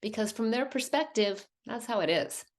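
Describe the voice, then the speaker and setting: A woman from a hospice presenting a caregiving webinar in a calm, explanatory way. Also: fairly high pitch, normal speed. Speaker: hospice educator.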